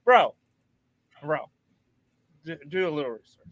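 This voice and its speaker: Angry drunk man, high swinging voice, profane, dry close sound. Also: very animated, measured pace, a bit bright, no room sound, lo-fi sound. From Baltimore, USA. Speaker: stream guest. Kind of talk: heated stream argument.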